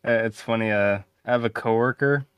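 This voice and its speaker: A man's voice: mid-range voice, normal speed, smooth, no room sound, highs cut off. A man co-hosting a podcast, teasing his friend in casual chat and laughing as he talks. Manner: teasing, laughs while talking. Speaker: podcast co-host.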